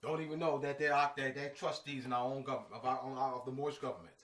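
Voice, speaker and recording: Quick and steady in tone, a medium-pitched, fairly bright male voice gives an informal lecture. He keeps repeating himself emphatically and drops slangy asides such as "man" and "you know what I mean." It's recorded in an echoey room with a far-off mic.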